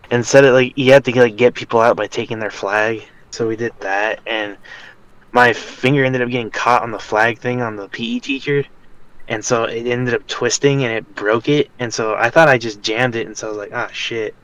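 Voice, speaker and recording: A man's voice: mid-range voice, poor audio. A young man co-hosting a podcast, rambling through a casual story with many fillers and restarts. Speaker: podcast co-host. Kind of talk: casual chat.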